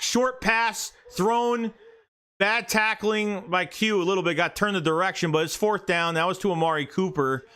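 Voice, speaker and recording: A fan streamer's live football play-by-play comes in a fairly high, smooth voice. He's profane and excitable, yelling at bad plays as they happen.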